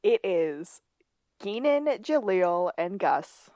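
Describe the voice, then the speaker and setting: A woman's voice: mid-range voice, big pitch swings, slow pace, mellow, no echo, muffled recording. A woman co-hosting a podcast, casually recapping a TV episode with playful asides. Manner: chatty, recounting scenes with playful asides. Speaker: podcast co-host. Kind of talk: casual rewatch recap chat.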